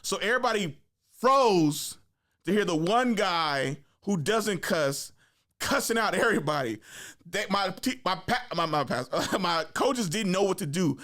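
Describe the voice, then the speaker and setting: Man, young adult, high voice, podcast host, casual storytelling, slangy, swears a lot. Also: normal speed. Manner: animated, slangy and profane, with frequent "like" and "right?".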